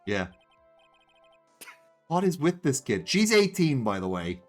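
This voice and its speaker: A man's voice: mid-range voice, very animated, takes it slowly, soft background music. A man hosting a live game stream, chatting casually and rambling with restarts. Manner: rambling, many restarts and laughs. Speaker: streamer host. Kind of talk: casual let's play commentary.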